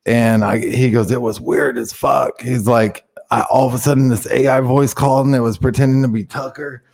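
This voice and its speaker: A man's voice: mid-range voice, fairly even intonation, a little fast, a little mellow. A man, a guest, rambling through a casual story and acting out the quoted dialogue. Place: in Mexico.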